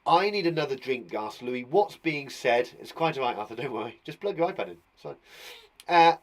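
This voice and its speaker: A man's voice: mid-range voice, animated, brisk. A man with an English accent teaching a live online English lesson to young children, patient and encouraging, talking aloud as he writes. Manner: patient, encouraging, talks aloud while writing. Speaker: primary school teacher.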